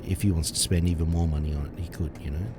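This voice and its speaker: A man's voice: rumbling low, fairly even intonation, fast talker, noisy background. A young man chatting casually on a live gaming stream, laughing often as he plays. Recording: game music playing behind.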